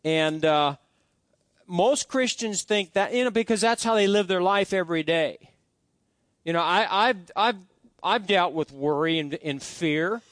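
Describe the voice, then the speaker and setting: Folksy high-voiced male pastor. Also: measured pace, a bit bright, no room sound, studio quality. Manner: folksy storytelling with many restarts. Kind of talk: sermon.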